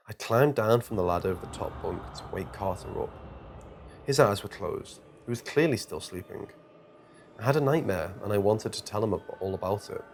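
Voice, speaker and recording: A man's voice: on the low side, a little hiss or hum. Man narrating a horror story. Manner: dramatic, tense storytelling. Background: quiet music.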